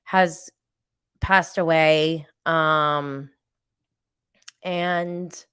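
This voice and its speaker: A woman podcast host in her thirties talks through a solo recap in an unhurried, rambling way. Her voice is smooth and clear, a little lower than most. The sound is dry and close. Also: steady tone, fairly bright tone, no room sound. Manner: chatty, rambling with fillers and self-aware laughs. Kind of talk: casual solo recap chat.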